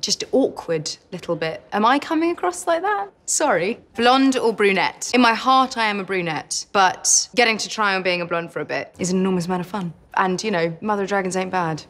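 A British woman doing a sponsored Q&A, reading each question aloud and answering in a playful, self-mocking way with sudden jumps in pitch. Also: animated, fairly quick, hardly any pauses, a bit bright. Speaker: celebrity interviewee.

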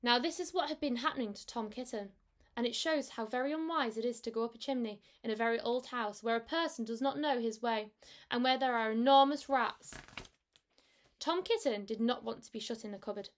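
A woman teacher reads a storybook aloud to her pupils, gentle and unhurried. Her voice sits a bit high for a woman. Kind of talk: reading a storybook aloud to a class.

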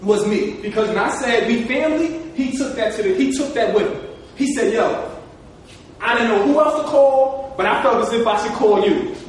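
A man's voice: very high-pitched, moderate pace, slight background noise. A man from New Jersey giving a live motivational talk, emotional and repetitive as he tells stories. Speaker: motivational speaker. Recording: echoey hall from far off.

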